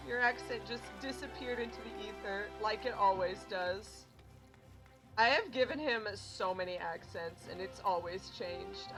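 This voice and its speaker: Brief: woman game streamer, self-deprecating and chatty, bright voice over faint music. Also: mid-range voice, a little slow, poor audio. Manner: self-deprecating, giggly, reads tooltips aloud with stumbles. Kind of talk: casual game commentary.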